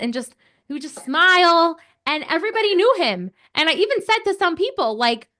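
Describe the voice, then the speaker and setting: A young woman telling an animated story to children, chatty and excitable, with lots of filler words. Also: high voice, fast.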